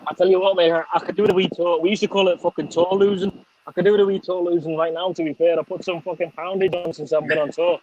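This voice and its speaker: A middle-aged man with a softened Liverpool accent chatting on a live stream, sweary and chummy, calling everyone mate. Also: high voice, level tone, fast talker, highs cut off, crowd noise. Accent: Liverpool, softened by Scottish. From England, Liverpool. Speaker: motorcycle vlogger hosting a live stream. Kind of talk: casual live-stream chat.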